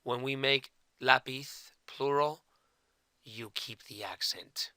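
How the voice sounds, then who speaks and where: Slow, bright-voiced male language teacher. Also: mid-range voice, no echo. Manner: slow, deliberate, repeats and spells out each example; mixes Spanish words into English explanations. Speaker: Spanish teacher. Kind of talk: explaining Spanish grammar to learners.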